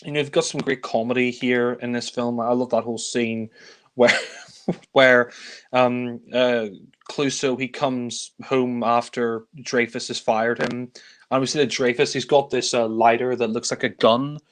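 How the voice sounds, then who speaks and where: A man's voice: medium pitch, little pitch movement, unhurried. A man casually reviewing films, rambling through scenes with lots of fillers and frequent chuckles. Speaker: film reviewer. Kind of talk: casual film review chat.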